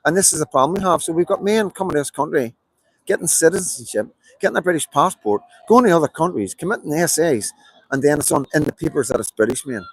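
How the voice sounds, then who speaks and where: A man's voice: on the high side, animated, fast talker, husky, no echo, low-quality recording. A middle-aged man with a Belfast accent, streaming a rambling live monologue, emphatic and repetitive with many fillers. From Belfast, Northern Ireland. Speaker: livestreamer.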